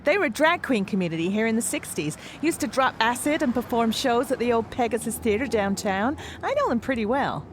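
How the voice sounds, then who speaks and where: A woman's voice: on the high side, animated, fairly quick, few pauses, a little hiss or hum, close to an everyday voice. A woman playing a friendly, flirty local who chats with a stranger. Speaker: bookshop worker met on the street.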